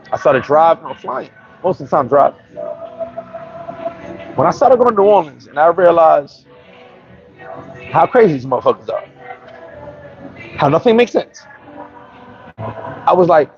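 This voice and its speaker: Gravelly, animated man telling street stories. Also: on the high side, moderate pace, long pauses, muffled recording, faint music behind. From New York. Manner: brash, profane, animated street storytelling. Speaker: vlogger. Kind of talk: casual storytelling monologue.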